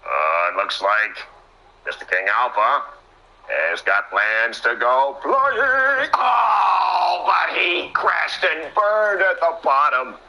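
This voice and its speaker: A young man doing excitable play-by-play commentary on a wrestling match, often breaking into sudden exclamations. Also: medium pitch, takes it slowly, vocal fry, low-quality recording.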